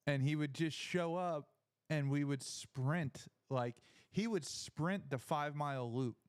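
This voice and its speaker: Smooth-voiced laughing podcast host man. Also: on the high side, a little slow. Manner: easygoing, laughs often. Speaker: podcast host, former Marine. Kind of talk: casual chat.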